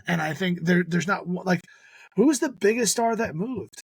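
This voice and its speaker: A man co-hosting a podcast, talking sports and wrestling in a lively, joking way. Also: high voice, moderate pace, slightly rough, dry recording. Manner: animated, jokey wrestling fan talk. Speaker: podcast co-host. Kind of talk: casual chat.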